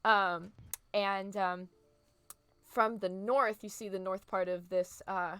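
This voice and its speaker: A woman's voice: mid-range voice, fairly even intonation, slow pace, pushed and bright, clean tone, no room sound, faint music behind. A woman narrating as game master of a tabletop game, descriptive and full of fillers. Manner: descriptive, filler-heavy, laughs easily.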